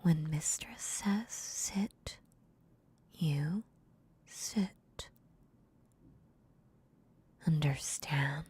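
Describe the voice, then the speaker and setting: A woman voicing a cold, controlling female boss in a whispered role-play, speaking in a soft, low whisper. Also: extremely slow, long pauses, slightly rough, full character voice. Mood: commanding. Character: cold commanding female boss toying with her pet. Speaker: voice actor.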